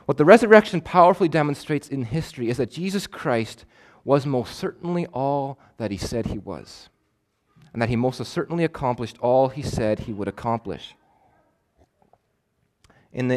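Male preacher giving a sermon, average pitch, drawn out and emphatic, repeats lines for effect. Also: animated, a little mellow. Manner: emphatic, repeats key phrases for weight; measured, stretches words for stress.

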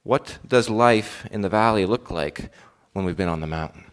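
A man's voice: on the low side, moderate pace, smooth. A male pastor preaching a sermon in an earnest, questioning way, with frequent fillers and restarts.

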